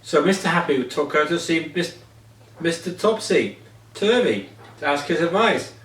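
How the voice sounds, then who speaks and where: A man's voice: a little high, lively intonation, moderate pace, a bit bright. Man reading a children's story aloud, stumbling and correcting himself, heard from a distance in an echoey room. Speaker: reader. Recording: echoey room, voice away from mic.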